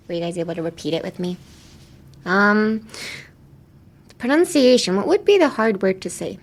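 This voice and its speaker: A woman's voice: mid-range voice, expressive, moderate pace, pauses often. Brief: young female host, casual podcast teacher, laughs easily, loose and chatty. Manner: giggly, laughs often, chatty with fillers. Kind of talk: casual language lesson.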